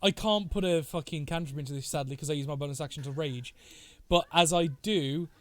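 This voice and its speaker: A man playing a tabletop role-playing game, excitable and laughing, swearing as he describes his character's attacks. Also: a little high, fairly quick. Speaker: player.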